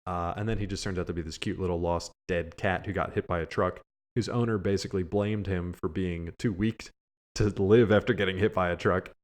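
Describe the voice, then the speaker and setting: A man's voice: sits low, steady tone, a little fast. A man co-hosting a podcast who reviews cartoons in casual chat with crude, sarcastic jokes. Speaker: podcast co-host.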